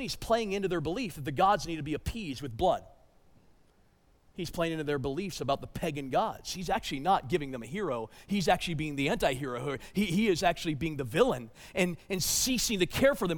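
A man preaching a sermon as pastor, emphatic, swinging between loud urgency and hushed tones, sometimes repeating words as he restarts. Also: high-pitched, lively intonation, brisk, big-room sound.

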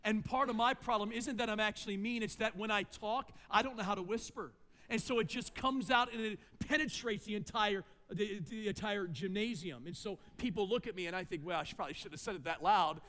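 Male pastor, high voice, storytelling sermon with humorous asides, long hall echo. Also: fairly quick, sharp tone. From United States.

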